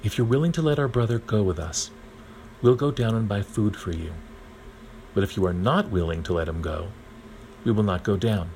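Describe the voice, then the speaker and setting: Grown son laying it out firmly to his dad, low voice guy reading. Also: animated, moderate pace, long pauses, darkish tone, a little hiss or hum, natural voice, rough recording. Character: firm, persuasive grown son.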